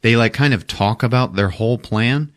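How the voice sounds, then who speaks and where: A man casually recapping a movie for a podcast, swearing, laughing and acting out the characters in quick voices. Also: medium pitch. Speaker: podcast host recapping a film.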